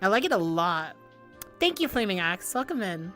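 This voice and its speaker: A young woman streamer chatting casually with viewers, animated and giggly, swearing often and stumbling over restarts. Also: medium pitch, moderate pace, soft background music. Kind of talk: casual livestream chat.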